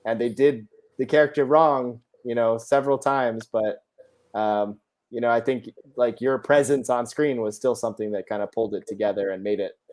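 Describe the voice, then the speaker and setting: A man's voice: medium pitch, steady tone, moderate pace, darkish tone. Male moderator, hesitant and wordy. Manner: hesitant, filler-heavy questions. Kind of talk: panel discussion.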